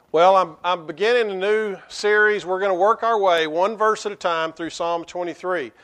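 High-pitched man preaching. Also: a bit bright. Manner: halting, with frequent restarts and fillers; slows to a measured pace when reading scripture aloud. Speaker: pastor. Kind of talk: sermon.

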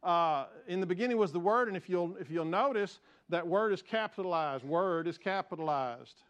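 A high-pitched man preaching a sermon. He hammers home key phrases, asks the congregation to say lines with him, and slips into casual asides with restarts along the way. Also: normal speed, a bit bright. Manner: frequent restarts and fillers, conversational asides. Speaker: pastor.

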